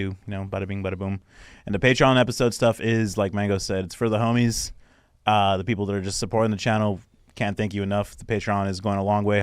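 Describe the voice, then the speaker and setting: A man's voice: fairly low pitch, clean tone, no room sound. Guy on a podcast telling a funny story, laughs a lot, dry room sound. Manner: laughs often while telling stories; acts out other people's lines in quotes. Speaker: podcast co-host. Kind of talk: casual chat.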